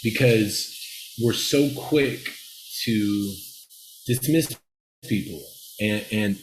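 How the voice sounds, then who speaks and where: A low-pitched man from Los Angeles tells rambling, animated stories as an interview guest. His voice carries a noticeable room echo. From Los Angeles, USA. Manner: animated, rambling, laughs while telling stories. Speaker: guest screenwriter. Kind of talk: candid interview storytelling.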